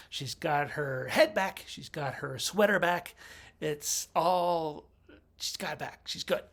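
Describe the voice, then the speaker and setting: Gravelly man rambling through a movie review. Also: fairly high pitch, measured pace, a bit bright. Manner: rambling, chatty, wry asides and self-corrections. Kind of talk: casual film review monologue.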